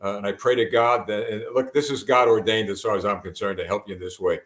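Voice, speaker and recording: Earnest halting broadcast host. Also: male voice, fairly low pitch, fairly even intonation, fairly bright tone, echoey room. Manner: halting, many fillers and restarts, earnest. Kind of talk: live broadcast talk.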